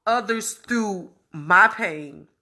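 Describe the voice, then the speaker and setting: A woman speaking a raw personal testimony, repeating herself and breaking between tears, laughter and shouts of frustration. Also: medium pitch, drawn-out words. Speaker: vlogger sharing her illness story.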